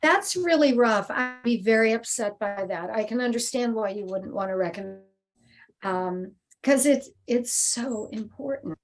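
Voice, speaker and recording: A woman's voice: fairly high pitch, animated, a little slow. A woman author chatting on a video call and answering readers' questions encouragingly. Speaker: guest author. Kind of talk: casual video call conversation.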